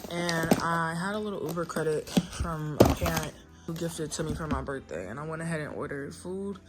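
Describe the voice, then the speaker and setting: A young woman venting to her viewers in a frustrated, animated way, speaking. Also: low-pitched, moderate pace, heavy background noise. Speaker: vlogger. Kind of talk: casual venting monologue. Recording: echoey room, some distance from the mic.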